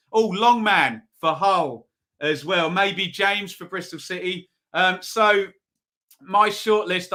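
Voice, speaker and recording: A man's voice: high-pitched, pushed and bright. A man hosting a live football review show, chatting casually and reading out viewer votes. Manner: chatty, reads out viewer comments, pleading. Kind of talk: casual live-stream commentary.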